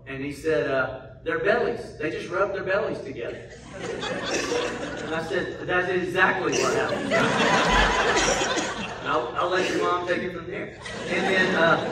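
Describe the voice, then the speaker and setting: A man's voice: a little high, heavy background noise. A middle-aged man giving a church parenting talk, a folksy storyteller who acts out his children's lines. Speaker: guest speaker at a church parenting class. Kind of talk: church seminar talk with family anecdotes. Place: large church hall. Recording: echoey hall from a distant mic.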